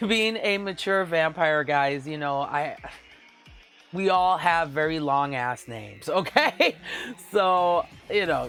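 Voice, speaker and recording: A man hosting his own live-stream show, chatting casually with a husky, raspy voice that is hoarse from a flu, rambling with many fillers and frequent laughs. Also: on the high side, a bit bright. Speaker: VTuber show host.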